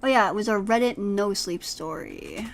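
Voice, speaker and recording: A woman's voice: medium pitch, moderate pace. A woman streamer reading a horror story aloud with dramatic delivery, then chatting casually with a friend.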